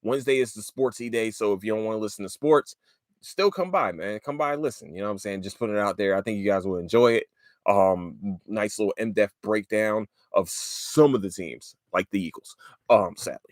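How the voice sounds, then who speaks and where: A man's voice: on the low side, brisk, dry recording, studio quality. A man in his late twenties or thirties hosting a solo podcast, chatting casually in a loose, rambling way, with frequent swearing and filler words. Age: late 20s to 30s. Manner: rambling and profane, with lots of fillers and loose tangents. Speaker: podcast host.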